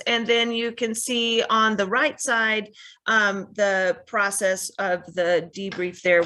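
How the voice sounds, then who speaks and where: A woman EMS educator presenting in a webinar, earnest and explanatory, with quick asides. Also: medium pitch, fairly bright tone, slight background noise.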